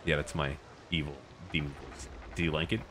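A man's voice: a bass voice, flat delivery, fast, a bit bright, a little hiss or hum. A man giving playful, boastful commentary on a roleplay strategy game campaign and mocking the enemy. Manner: playful, boastful trash-talk of enemies. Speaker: gaming YouTuber.

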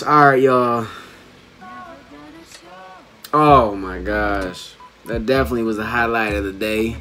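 A man's voice: mid-range voice, slow pace, long pauses, pushed and bright, faint music behind. A man reacting to a dance video on his channel, calling out exclamations and playful slang as he watches. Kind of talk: excited reaction commentary.

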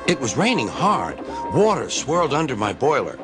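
A man's voice: medium pitch, big pitch swings, moderate pace, pitched above the performer's own voice, lightly acted. A man voicing a cheeky, boastful young male tank engine in a fan-made storybook reading, talking eagerly and cockily. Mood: cocky. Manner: eager, cocky, pleading when in trouble. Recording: music playing underneath.

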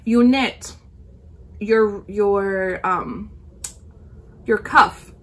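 A woman's voice: medium pitch, very slow. A woman hosting a knitting podcast, chatting casually in a rambling way, full of ums and self-corrections. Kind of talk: casual chat.

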